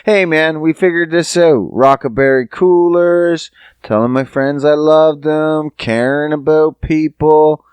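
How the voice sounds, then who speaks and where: A man's voice: on the high side, measured pace, hardly any pauses, darkish tone, smooth, no room sound. A man hosting a podcast who talks to his listeners in a casual, rambling monologue, swearing freely and joking. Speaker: podcast host.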